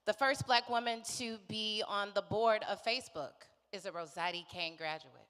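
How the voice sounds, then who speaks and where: A woman's voice: medium pitch, normal speed, fairly bright tone, smooth. A woman emceeing a fundraising event on stage, playful with laughing asides. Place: large event hall. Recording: reverberant hall from a distance.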